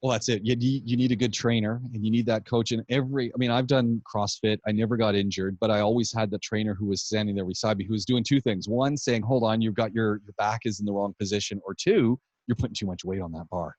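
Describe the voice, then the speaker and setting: A man hosting a podcast, telling relaxed, rambling anecdotes in casual chat. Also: fairly low pitch, quick pace, hardly any pauses, no room sound. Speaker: podcast host. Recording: dull dry podcast audio.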